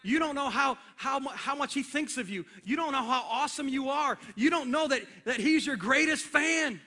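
A man preaching a sermon on a church stage into a microphone, animated and acting out scenes with a helper. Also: very high-pitched, normal speed. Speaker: pastor. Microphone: handheld or stage microphone.

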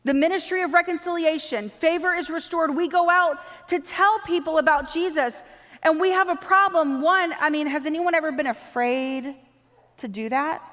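High-voiced woman preaching in a big hall. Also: normal speed. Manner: animated, acts out quoted dialogue. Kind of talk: sermon. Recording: long reverb of a large hall.

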